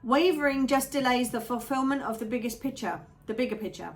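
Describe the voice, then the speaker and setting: A woman giving a chatty, animated tarot reading, often checking in with the listener. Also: fairly high pitch, brisk, a little hiss or hum. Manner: chatty, animated, keeps asking "yeah?". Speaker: tarot reader.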